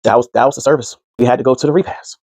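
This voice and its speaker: A man spins a casual personal story at a rapid clip, slipping into the voices of the people he quotes. His talk is loose and conversational, padded with easy fillers. The sound is dry and close, with no room around it. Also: medium pitch, no room sound. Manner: animated, acts out quoted speech in others' voices. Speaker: podcast host.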